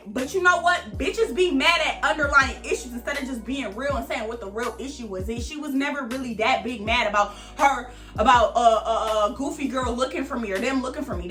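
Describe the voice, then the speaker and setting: A young woman telling a personal story to her viewers in a casual, animated, profane way, often calling them y'all. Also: high-pitched, brisk, hardly any pauses, soft background music. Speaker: vlogger. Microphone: camera mic. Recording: roomy echo, distant from mic.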